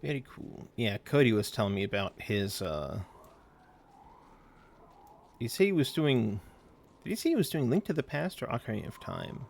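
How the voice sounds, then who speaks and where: A man's voice: mid-range voice, sing-song, normal speed, vocal fry, pauses often, slight background noise. A man streaming a game, chatting casually with viewers in a rambling, easygoing way while calling out what happens in play. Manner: rambling, easygoing, answers chat between game callouts.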